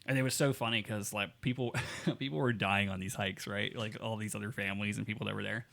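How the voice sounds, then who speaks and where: A man's voice: on the low side, steady tone, quick pace, gravelly, a bit bright. A man who grew up around Las Vegas, co-hosting a podcast in casual chat, joking crudely and swearing often. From Las Vegas area, United States. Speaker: podcast co-host.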